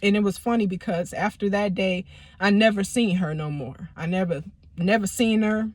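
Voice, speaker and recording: A woman's voice: medium pitch, moderate pace, dry recording. A woman vlogger telling a personal story casually, rambling and swearing as she goes. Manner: profane, rambling, acts out quoted people.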